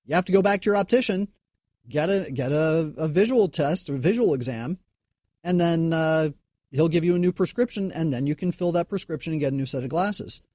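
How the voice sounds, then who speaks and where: A man's voice: on the high side, a little fast, darkish tone, no room sound, studio quality. A man in a casual panel chat, making wry complaints.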